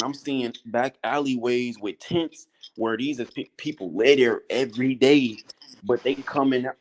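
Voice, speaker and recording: Man telling a story, laid-back slang. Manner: animated storytelling with slang, often acting out high-pitched voices. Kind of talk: casual chat.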